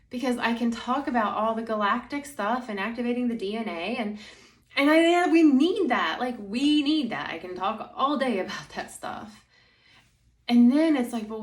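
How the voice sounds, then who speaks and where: A woman's voice: mid-range voice, roomy sound. A woman acting as a spiritual guide, talking casually and rambling with many "like" fillers. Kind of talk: spiritual monologue.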